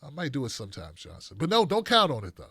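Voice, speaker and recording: A man's voice: mid-range voice, huge pitch swings, quick pace, vocal fry, sharp tone, breathy edge, no echo, clean studio sound. A man hosting a live show, reading out viewer donations and comments in a loose, joking way, laughing often. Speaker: host. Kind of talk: casual livestream chat reading donations.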